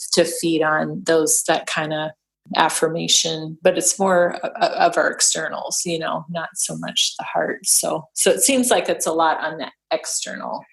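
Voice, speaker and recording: A middle-aged woman speaks in a somewhat low voice. She talks casually as a podcast guest, restarting her sentences and laughing easily. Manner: chatty, many restarts and fillers, laughs often. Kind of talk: casual chat.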